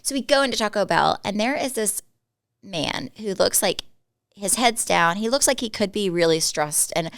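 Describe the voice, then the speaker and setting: A woman's voice: medium pitch, no room sound. A woman in her forties, co-hosting a podcast and telling stories in a chatty way, acting out what people said. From Dallas, Texas. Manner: chatty storyteller, quick laughs, animated quoting. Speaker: podcast co-host. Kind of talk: casual chat.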